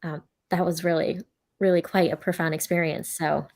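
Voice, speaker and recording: A woman's voice: lowish voice, flat delivery, moderate pace. A woman hosting a casual interview, answering her guest with affirming remarks and asking questions. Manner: warm, affirming, with filler words. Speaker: interview host.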